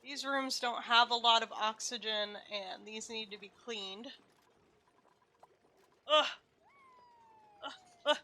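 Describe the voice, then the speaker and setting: Bright-voiced woman streaming a game. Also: a little high, slow pace, pauses often. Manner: chatty, mutters to herself, swears casually. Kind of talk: casual gameplay commentary.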